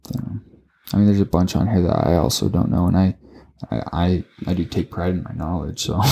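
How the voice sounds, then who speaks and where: A young man co-hosting a sports podcast, swearing constantly and tripping over his words as he rushes through his opinions. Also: sits low, gravelly. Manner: profane, excitable, stumbles and repeats words. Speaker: podcast co-host. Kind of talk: casual sports chat.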